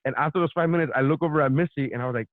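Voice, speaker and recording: A man's voice: fairly high pitch, racing, dry recording. A man co-hosting a podcast, telling a rambling story in casual chat, laughing and swearing as he goes. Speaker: podcast co-host. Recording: tinny phone-like line.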